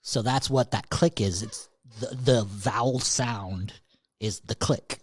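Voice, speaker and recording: A man's voice: medium pitch, takes it slowly, slight background noise. A man co-hosting a casual podcast, cracking crude jokes. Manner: crude, joking. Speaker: podcast co-host. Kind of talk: casual joking chat.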